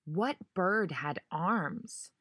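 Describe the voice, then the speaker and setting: A woman narrating a novel in measured storytelling style, giving each character a voice. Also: fairly low pitch, lively intonation, fairly bright tone, breathy edge, dry recording, studio quality. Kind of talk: audiobook narration.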